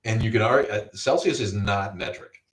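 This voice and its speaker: A man co-hosting a casual livestream chat, animated, joking and swearing freely. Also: on the low side, fairly quick, roomy sound, far from the mic. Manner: animated, profane, jokey. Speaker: podcast co-host. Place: garage.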